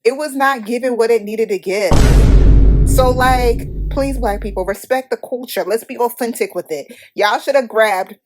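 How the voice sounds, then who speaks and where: Blunt, animated woman reviewing a movie. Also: a little high, moderate pace, background noise. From United States. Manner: blunt, profane, animated opinions. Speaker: podcast host.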